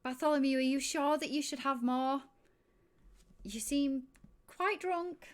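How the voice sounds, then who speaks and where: A woman's voice: high-pitched, a little slow, pitched above the performer's own voice. A woman voicing a tired, unimpressed barmaid who answers curtly. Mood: weary. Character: weary young barmaid, unimpressed.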